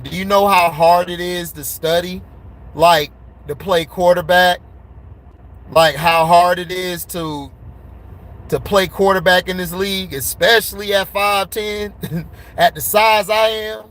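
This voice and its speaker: A man giving a casual, blunt sports commentary rant, excitable and laughing often between his points. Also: sits high, measured pace, low-quality recording.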